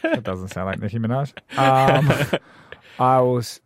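A man's voice: mid-range voice, slow, background noise. A man co-hosting a radio show, guessing answers in a playful, rambling way and fumbling for names. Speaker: radio co-host. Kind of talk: casual radio banter, guessing game.

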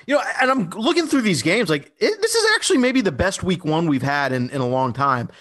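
A man with a fairly high voice co-hosts a podcast in relaxed chat. He talks loosely, with lots of fillers and restarts. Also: brisk. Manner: conversational, many fillers and restarts. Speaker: podcast co-host.

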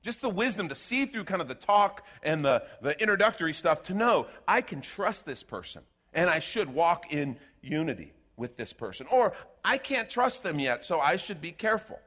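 A man preaching a conversational sermon, animated and given to sarcastic asides and quick restarts. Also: fairly high pitch. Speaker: pastor.

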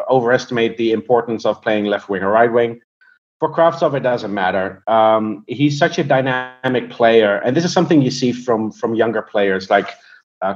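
A man's voice: medium pitch, lo-fi sound. A man talking casually as a guest, hesitant and full of fillers as he tells stories and breaks down players. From Europe. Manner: hesitant, many fillers and restarts. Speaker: guest, hockey prospects analyst. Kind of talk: casual conversational storytelling and analysis.

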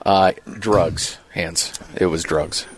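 A man's voice: deep voice, fairly even intonation, takes it slowly. A man co-hosting a sports radio show, bantering in a joking, opinionated way.

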